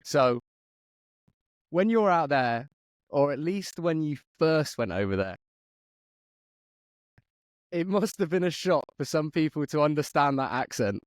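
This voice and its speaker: A man's voice: on the high side, animated, unhurried, pauses often, dry recording, studio quality. An English man hosting a podcast, chatting casually and calling everyone mate. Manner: friendly, calls everyone mate. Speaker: podcast host. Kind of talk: casual chat.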